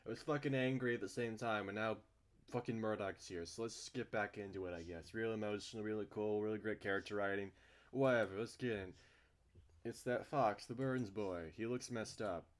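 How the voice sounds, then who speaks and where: A young man playing through a visual novel, reading its lines aloud and ranting profanely about the story. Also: fairly low pitch. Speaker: game streamer voicing a visual novel. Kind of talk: let's play reading and commentary.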